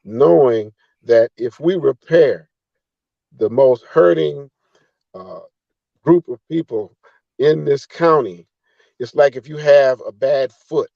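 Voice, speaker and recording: A man with a mellow, mid-pitched voice speaks as an interview guest, explaining his points earnestly and steadily. The sound is dull and dry, like a remote call line. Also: takes it slowly, gravelly, pauses often, no room sound. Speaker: former county commissioner, guest. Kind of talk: interview answers.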